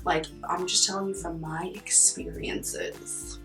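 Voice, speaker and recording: A woman's voice: fairly low pitch, takes it slowly. Chatty young American woman, roomy sound. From United States. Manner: chatty, animated, acts out quoted voices. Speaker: vlogger. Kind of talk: casual chat to camera. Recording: roomy, from a distance, soft guitar music behind.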